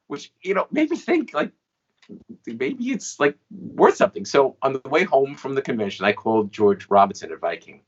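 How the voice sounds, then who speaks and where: A man's voice: mid-range voice, sing-song, fairly quick, slightly rough, muffled recording. A man in his fifties telling stories as an interview guest, chatty and often asking "right?" between points. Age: 50s. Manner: chatty, frequent "right?" asides. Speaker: guest magician and inventor. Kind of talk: storytelling interview answers.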